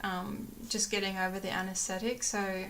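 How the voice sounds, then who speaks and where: A woman's voice: mid-range voice, little pitch movement, normal speed, vocal fry, fairly bright tone, slight background noise. A young woman chatting casually to her camera at home, rambling with many fillers and acting out what others said. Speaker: vlogger.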